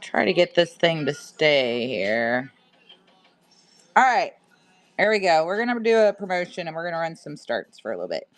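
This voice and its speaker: A woman's voice: sits low, very animated, moderate pace, soft background music. A woman hosting a casual live-stream sale from home. She is chatty, laughs a lot, and talks to both her viewers and her pet. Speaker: live-stream seller and host.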